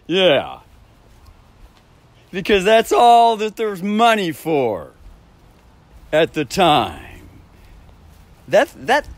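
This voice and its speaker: A man with a notably high voice rambles through a homespun story at his own place. He chuckles between phrases, swears freely and keeps circling back to restart his sentences. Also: no echo. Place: at his own home, by a backyard shed.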